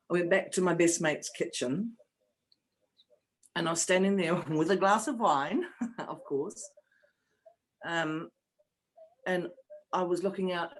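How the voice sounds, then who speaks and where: A woman's voice: lowish voice, rough recording. Brief: fifties woman, interview guest, candid and confessional, emotional edge. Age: 50s. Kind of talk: personal storytelling in an interview.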